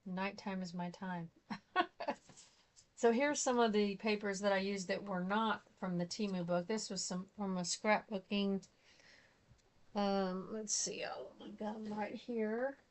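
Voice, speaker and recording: A woman's voice: medium pitch, fairly even intonation, a little slow. A middle-aged woman, chatting casually and rambling as she shows her craft supplies. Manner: chatty, rambling, thinks aloud. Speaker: craft vlogger. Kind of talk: casual show-and-tell chat.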